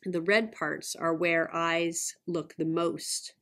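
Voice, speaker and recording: Woman presenting a lecture, lower voice. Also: steady tone, fairly bright tone. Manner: measured, explanatory, occasional self-corrections. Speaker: online course presenter. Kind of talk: recorded lecture over slides.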